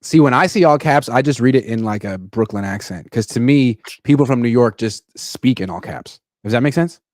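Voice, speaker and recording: A man from California co-hosting a sports talk stream, delivering blunt, wry opinions at a middling pitch. The sound is dry and close, with no room echo. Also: expressive, a little fast, darkish tone. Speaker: sports podcast co-host. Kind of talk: casual sports talk livestream.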